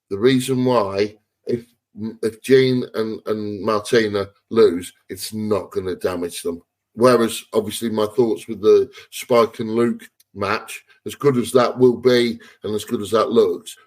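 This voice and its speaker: A man's voice: lowish voice, rough recording. A man co-hosting a wrestling podcast, giving blunt, rambling opinions in casual chat. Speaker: podcast co-host.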